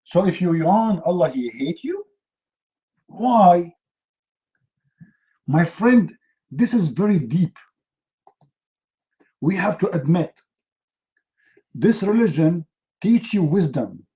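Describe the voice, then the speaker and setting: High-pitched sarcastic man. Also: very animated, slow pace, pauses often, warm tone, highs cut off. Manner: mocking, sarcastic storyteller. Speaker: speaker. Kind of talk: humorous seminar talk.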